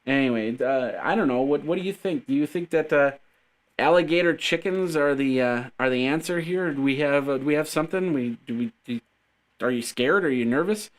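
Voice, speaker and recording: A man's voice: a little high, a little fast. A man hosting a casual tech news show, rambling and joking as he stumbles over his words. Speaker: podcast host.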